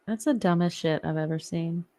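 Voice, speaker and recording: A woman from Indiana co-hosting a casual podcast, chatty and quick to laugh. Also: fairly low pitch, mellow, dry recording. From Indiana, USA. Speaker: podcast co-host.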